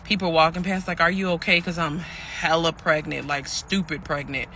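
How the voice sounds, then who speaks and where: Speaking at a normal pace with a level tone, a man's higher voice comes across pushed and bright, with slight background noise. He narrates a pregnant young woman's story as her, chatty, calling everyone "y'all" and acting out the quotes. The monologue carries a weary, aggrieved feeling.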